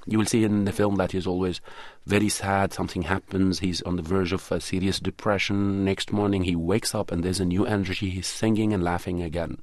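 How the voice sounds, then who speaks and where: In this interview, a documentary film producer and cinematographer responds thoughtfully and sincerely, frequently groping for words. His deep, darkish voice barely shifts in pitch, runs a little fast with few pauses, and carries no room sound.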